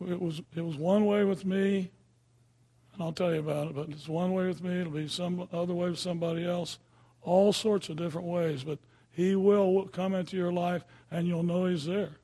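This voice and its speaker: A man's voice: high-pitched, mellow, husky. An older man preaching a sermon in a folksy, conversational way, often checking in with his listeners.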